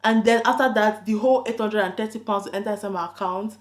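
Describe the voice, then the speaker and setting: A woman YouTuber telling a story in casual vlog chat, animated and incredulous, with bursts of emphasis. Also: mid-range voice, fast.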